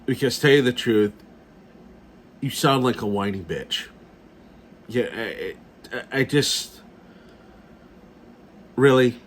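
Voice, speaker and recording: A man's voice: medium pitch, animated, slow, long pauses, a little hiss or hum. A middle-aged man ranting casually in a video blog, blunt and profane, repeating himself as he talks. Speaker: gun vlogger.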